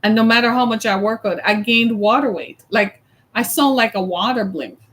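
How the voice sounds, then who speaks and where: A woman's voice: on the high side, moderate pace, fairly bright tone. A woman hosting a casual live chat, chatty and opinionated, laughing often and ending her sentences with "right?". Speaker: host.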